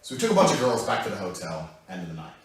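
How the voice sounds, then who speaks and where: A man tells a rowdy anecdote with lots of swearing. His pitch leaps up and down as he goes. He sounds far from the mic, in a very echoey room. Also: very fast. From England. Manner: animated, profane storytelling that breaks into laughter. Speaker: guest telling a story. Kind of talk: casual anecdote.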